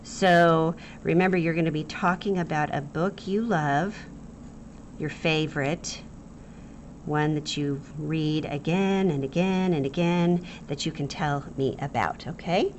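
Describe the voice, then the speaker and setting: A woman's voice: low voice, a little slow, muffled recording, a little hiss or hum. A woman teacher giving a review lesson to young students, playful and acting out the example sentences.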